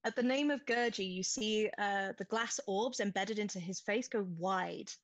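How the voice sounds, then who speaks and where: A woman's voice: mid-range voice, normal speed, no room sound, low-quality recording. A woman narrating a tabletop game as game master, describing scenes at length with many restarts.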